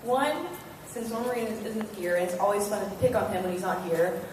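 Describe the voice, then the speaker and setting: A woman's voice: mid-range voice, a little fast, noisy background. A woman in the audience eagerly and politely asking the panel a question in a large convention hall. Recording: distant echoey hall with long reverb.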